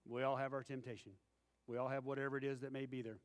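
A man's voice: medium pitch, flat delivery, fast. A man, preaching a sermon and telling folksy stories, acting out the voices of the people in them. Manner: folksy storytelling with acted-out quotes. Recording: long hall reverb.

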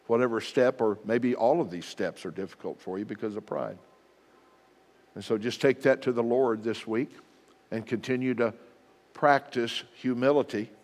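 A man's voice: medium pitch, long reverb tail. A middle-aged man, a pastor, preaching a sermon in an earnest, plain-spoken way with repeated exhortations.

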